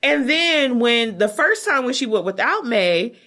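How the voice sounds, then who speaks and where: A woman with a high voice that swings up and down, chatting and gossiping as co-host. She talks with animated energy, laughing often and acting out what others said. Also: measured pace. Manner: animated, laughing, acts out quotes in high squeals. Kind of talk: casual gossip chat.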